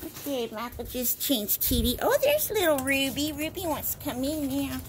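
A woman's voice: high voice, animated, moderate pace, very noisy. A young woman chatting casually to a viewer at home, playful and cooing at her pets. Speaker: vlogger. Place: home indoors.

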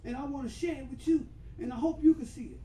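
A man, an imam, telling a story in a conversational sermon with emphatic, sudden loud bursts. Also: very high-pitched, fast talker, a little hiss or hum. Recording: roomy hall, voice far from mic.

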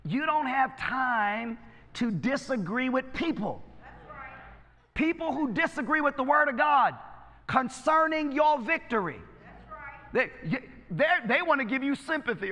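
High-voiced bright preacher man. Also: expressive, unhurried, long reverb tail. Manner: exhorting, calls out to the congregation. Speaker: pastor. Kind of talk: sermon. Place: church sanctuary.

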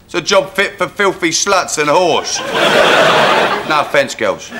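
A brash, boorish boyfriend. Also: male voice, a little high, big pitch swings, measured pace, heavy background noise. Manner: brash, blokey.

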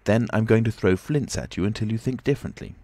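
A man's voice: on the low side, fast talker, warm tone, no echo, pitched above the performer's own voice, lightly acted. A man voicing an impatient, commanding unseen stranger who speaks tersely and insistently, in a storybook reading. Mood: firm, insistent.

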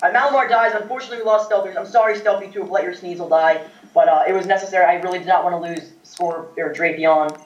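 A man giving casual let's-play commentary, rambling between his turns and bursting out loudly when things go wrong or right. He sounds set back from the microphone, in a roomy space that echoes. The recording is a little dull. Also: sits high, fast talker. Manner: excitable, rambling, loud outbursts. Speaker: gaming YouTuber. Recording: echoey, distant, dull mic.

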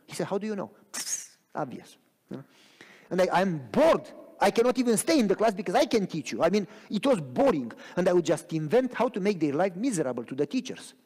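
Animated preaching man in a reverberant church. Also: high voice. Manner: animated preaching with frequent rhetorical questions. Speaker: pastor. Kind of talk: sermon. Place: church sanctuary.

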